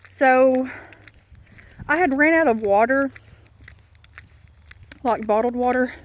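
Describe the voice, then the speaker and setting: Brief: woman vlogger, slightly high voice, winded from walking uphill, chatty and confiding, recorded outdoors on a phone. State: out of breath. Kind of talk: casual chat while walking. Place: outdoors on a country road.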